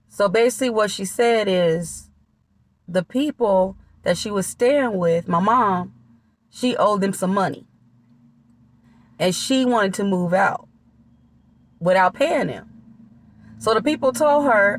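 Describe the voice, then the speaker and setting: A woman talks straight to her viewers, telling her own life story with blunt honesty and loose, everyday phrasing. Her voice sits at a middle pitch. The sound is dry and close, with no room echo. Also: animated, takes it slowly. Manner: candid, conversational, drops into quoted voices of relatives. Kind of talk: casual storytelling testimony.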